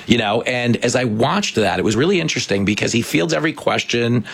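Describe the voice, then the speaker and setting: A man with a gravelly, husky voice hosts a casual political chat. His pitch swings widely as he tells stories with lively, animated delivery. He often breaks into laughter mid-sentence. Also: a little fast. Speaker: host.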